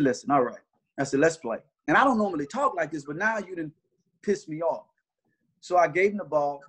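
Middle-aged guy, basketball trainer, slightly high husky voice, keeps restarting his sentences. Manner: earnest storyteller with many repeated restarts. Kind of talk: casual interview talk.

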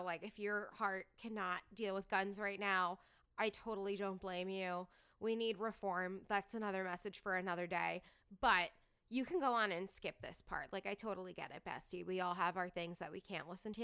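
A young adult woman hosting a podcast, chatting casually and full of fillers and quick asides. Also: medium pitch, bright, forceful tone, smooth. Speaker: podcast host. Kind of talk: casual chat, reality TV gossip.

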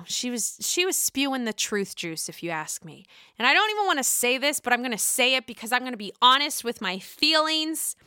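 A woman's voice: fairly high pitch, bright, forceful tone, smooth, no room sound, clean studio sound. Chatty, profane woman recapping gossip. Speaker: reality TV recapper.

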